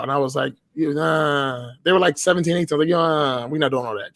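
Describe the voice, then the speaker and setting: Guest spot: emphatic, profanity-heavy man, voice a bit high, close dry mic. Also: fast talker, few pauses, no echo. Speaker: podcast guest. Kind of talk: casual podcast chat.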